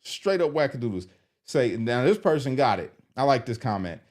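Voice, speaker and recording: A man doing live commentary on viewer comments, animated and exasperated as he reads them aloud. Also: mid-range voice, moderate pace. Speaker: streamer reacting to comments.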